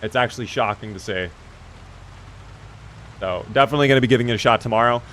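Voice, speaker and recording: A man's voice: mid-range voice, fast talker, fairly bright tone, a little hiss or hum. Guy streaming a game, chatting w his chat, swears a bit, mid voice. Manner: chatty, reads and answers chat, swears casually. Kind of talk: casual live-stream chat while gaming.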